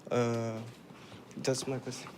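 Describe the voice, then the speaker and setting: Flat-voiced man, hesitant question. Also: mid-range voice, takes it slowly, heavy background noise. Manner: hesitant, restarting, many fillers. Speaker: audience member asking a question. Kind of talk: question from the floor.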